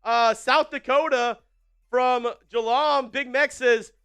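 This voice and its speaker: A man's voice: extremely high pitch, fairly even intonation, takes it slowly, a bit bright, clear, resonant tone. A man hosting a live football watch party in upbeat, casual chat, reading out viewer comments with frequent fillers and repeated phrases.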